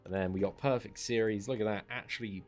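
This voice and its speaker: A man's voice: fairly low pitch, steady tone, fast talker, soft background music. A man casually commenting on a game he is playing live, chatty and self-deprecating. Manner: chatty, self-deprecating, says mate and dude a lot. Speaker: game streamer.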